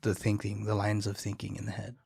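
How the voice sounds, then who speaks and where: A man's voice: lowish voice, monotone, a little fast, vocal fry, a little mellow, husky, no echo, studio quality. Laid-back young man telling rambling stories. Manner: rambling storyteller, many "like" fillers. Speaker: podcast guest, barber. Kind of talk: casual chat.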